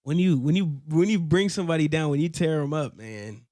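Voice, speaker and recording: A man's voice: on the high side, fairly quick, mellow, dry recording, clean studio sound. A young man co-hosting a casual faith podcast, earnest and laughing often, sometimes searching for words. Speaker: podcast co-host.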